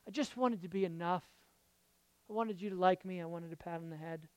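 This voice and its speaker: A male pastor delivers a conversational, casual sermon in a smooth, resonant voice that sits high and moves briskly, with no echo. He swings from loud, emphatic punches to quiet, murmured asides. He checks in with listeners, asking "okay" and "right."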